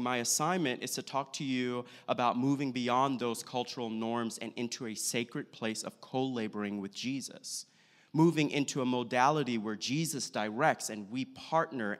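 Pastor preaching in a reverberant hall. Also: male voice, mid-range voice. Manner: measured preaching with slow, deliberate emphasis. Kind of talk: sermon.

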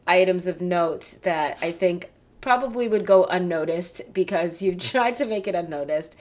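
A woman's voice: lowish voice, normal speed. A woman hosting a podcast, teasing her guest in casual interview chat and laughing often. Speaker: podcast host.

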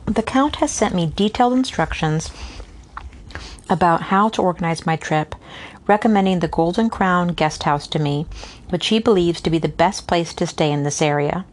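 A woman with a fairly low voice reads a classic novel aloud at an easy, informal pace. She keeps a steady narrating rhythm but trips over hard names and restarts them. It sounds like a home reading rather than a polished studio narration. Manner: reads steadily, stumbles on hard names and pauses for unscripted asides. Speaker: reader. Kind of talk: casual read-aloud of a novel with asides.

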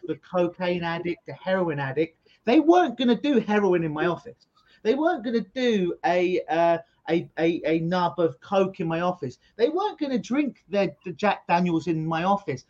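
Interviewed as a guest over a video call, a middle-aged hypnotist explains his work like an energetic storyteller, often repeating words at the start of sentences. His voice is high-pitched and the sound is lo-fi.

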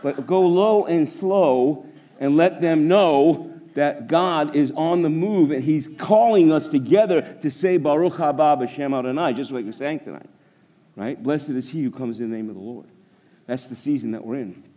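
A male pastor preaching a sermon to a congregation, animated, with joking asides. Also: a little high, moderate pace. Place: church service.

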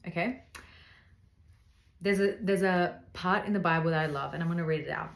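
A woman's voice: fairly low pitch, moderate pace, gravelly, long pauses, reverberant. A woman hosting a podcast, giving casual faith-based advice in an earnest, direct way and speaking straight to the listener. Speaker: podcast host.

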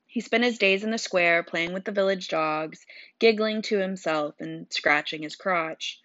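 A woman's voice: lowish voice, measured pace, fairly bright tone, dry recording. A woman narrating a story in the first person with a wry, dry telling. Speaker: audiobook narrator. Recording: dull, dry sound.

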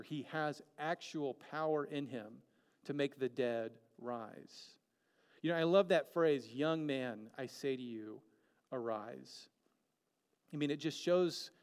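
A man preaching a sermon earnestly, moving between emphatic peaks and hushed, quiet lines. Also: a little high, in a large hall.

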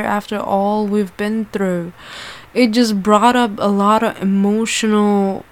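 A woman candidly telling a personal story in a casual way, swearing often and using lots of fillers. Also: mid-range voice.

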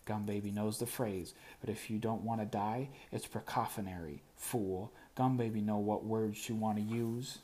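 A man voicing a tiny, boastful female doll who talks of herself by name in a high, squeaky voice. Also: fairly even intonation, moderate pace, hardly any pauses, mellow, natural voice. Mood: bossy.

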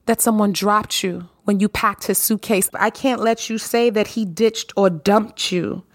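A woman's voice: medium pitch, steady tone, measured pace, no room sound. A woman hosting a solo podcast, talking emphatically and preaching, repeating phrases for effect. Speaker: podcast host.

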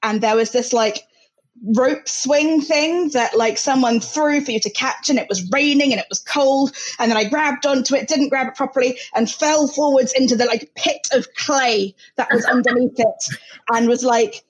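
A woman's voice: sits high, normal speed. A young woman from South East London with a matching accent, telling comic stories in casual chat, rambling with lots of "like" and laughing often. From South East London, England.

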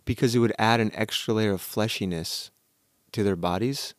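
A man's voice: lowish voice, moderate pace, no room sound, clean studio sound. A man in his forties co-hosting a podcast, chatting casually with rambling enthusiasm. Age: 40s. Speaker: podcast co-host. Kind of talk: casual chat.

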